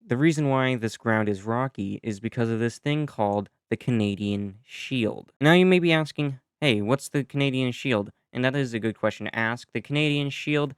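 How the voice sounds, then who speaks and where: A man's voice: mid-range voice, normal speed, few pauses, clear, resonant tone, dry recording, clean studio sound. A man narrating a map simulation video in a chatty, explanatory way, with casual asides and self-corrections. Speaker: YouTube narrator.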